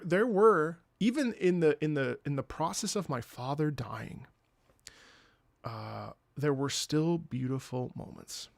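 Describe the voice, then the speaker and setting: A man's voice: on the high side, creaky, no room sound, studio quality. A man chatting casually on his stream, rambling, repeating words and swearing.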